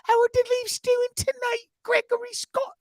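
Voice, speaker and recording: A woman's voice: monotone, unhurried, darkish tone, no room sound, studio quality. A man putting on his older mother's voice, a blunt, grumbling mum. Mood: nagging. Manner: shrill and blunt, grumbling about sports and bloody monkeys. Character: fussy older mother scolding in a high voice.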